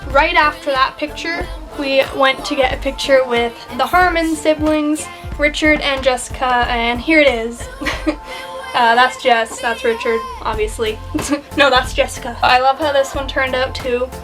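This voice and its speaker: A high-pitched young woman tells a chatty, giggly story straight to the camera, slipping into other people's lines as she goes. Music plays clearly underneath her voice. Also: steady tone. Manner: giggly, chatty, quickly shifting between quoted voices. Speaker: vlogger. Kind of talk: casual chat recounting a fan convention.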